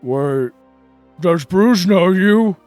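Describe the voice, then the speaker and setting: A man doing gruff, furious brute Bruce. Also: high voice, animated, extremely slow, darkish tone, no echo, soft background music, voice pushed up, exaggerated voice. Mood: seething. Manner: speaks of himself in the third person, seething. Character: gruff hulking brute who speaks of himself in the third person.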